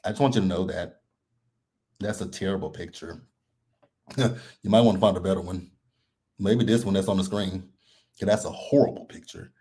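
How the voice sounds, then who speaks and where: A man's voice: low voice, normal speed, pauses often. A man hosting a live reality TV recap, talking casually and bluntly and laughing a lot. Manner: blunt, animated and laughing often.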